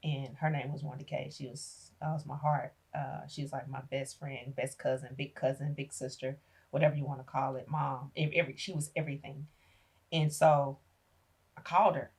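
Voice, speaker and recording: Low husky woman telling her story. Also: moderate pace. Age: middle-aged. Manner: animated retelling, acting out family members' voices. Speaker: podcast guest. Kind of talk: emotional personal storytelling.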